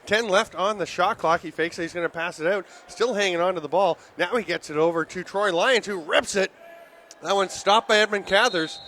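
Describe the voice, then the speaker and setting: A man calling live lacrosse play-by-play in rapid, excitable bursts that rise on goals, his voice worn and giving out. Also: high-pitched, slight background noise. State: voice giving out, throat clearing. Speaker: play-by-play commentator.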